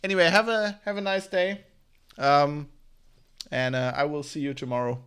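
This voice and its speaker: A man's voice: a little high, fairly even intonation, moderate pace, fairly bright tone, clean tone. A man hosting a casual livestream tech news show, rambling with lots of fillers, laughing and swearing.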